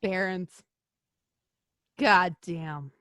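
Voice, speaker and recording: A woman co-hosting a podcast in casual chat, excitable and gushing, swearing freely. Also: fairly low pitch, drawn-out words, no echo, clean studio sound. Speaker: podcast co-host.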